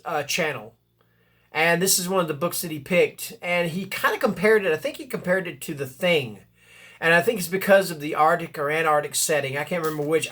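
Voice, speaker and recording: Rambling, enthusiastic man with a higher voice. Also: a bit bright. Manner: rambling, self-correcting, enthusiastic. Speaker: booktuber. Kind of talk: casual book chat and reading blurbs aloud.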